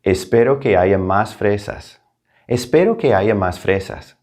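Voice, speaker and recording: A man's voice: fairly low pitch, animated, unhurried, darkish tone. A man teaching a language lesson, upbeat, saying each practice sentence twice. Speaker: Spanish teacher.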